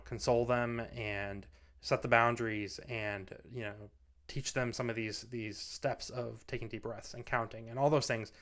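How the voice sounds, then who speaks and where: Standing in front of a studio mic, a man hosting a parenting video gives casual advice in a smooth, mid-range voice. He's earnest but rambling, his talk full of "you know"s.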